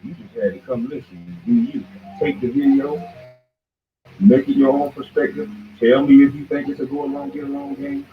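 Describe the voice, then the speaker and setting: With music in the background, a male show host in a mid-range, sing-song voice rants at a moderate pace. His heated, confrontational monologue keeps calling his target "boy," and the line sounds tinny and phone-like with faint noise.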